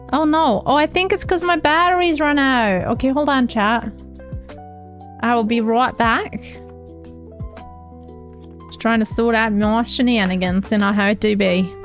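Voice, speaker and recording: A woman streamer chatting with her viewers on a live stream, bubbly and greeting each by name. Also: fairly high pitch.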